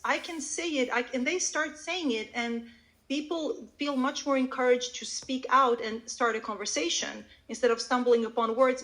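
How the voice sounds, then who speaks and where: Animated, higher-pitched woman teacher. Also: rough recording. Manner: animated, demonstrative, with frequent restarts. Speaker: Swedish language teacher. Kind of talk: explaining on a live audio call. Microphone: online audio call.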